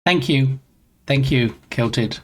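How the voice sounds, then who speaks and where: A man's voice: mid-range voice, slow, slight background noise. A man streaming his game development live, chatting casually with his audience and reading chat in a rambling, joking, playful way into his desk mic. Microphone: own desk mic.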